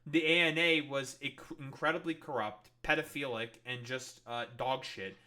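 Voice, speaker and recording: A man's voice: mid-range voice, steady tone, normal speed, bright, forceful tone. A man reading news articles aloud and breaking off into exasperated, profane rants, with lots of filler words. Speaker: political commentator.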